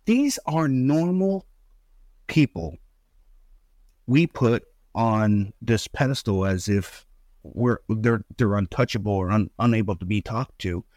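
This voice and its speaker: Middle-aged man, casual animated storyteller, dry sound. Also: slow pace, no room sound. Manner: animated, acts out quotes with pitch jumps. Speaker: father telling a story.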